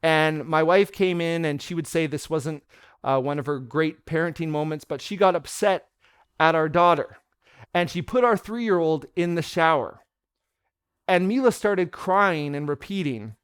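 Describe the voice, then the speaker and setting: Guy pastor preaching a sermon, kinda high smooth voice, earnest storyteller, close dry sound. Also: no echo. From Canada. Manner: earnest storytelling, drops softer and slower for quoted tender words. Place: church.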